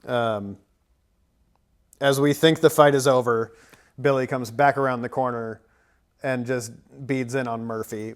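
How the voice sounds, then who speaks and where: A man's voice: medium pitch, steady tone, unhurried. Chatty man in his thirties, lots of ums. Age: 30s. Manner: rambling, many fillers and likes. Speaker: podcast co-host. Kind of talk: casual movie recap chat.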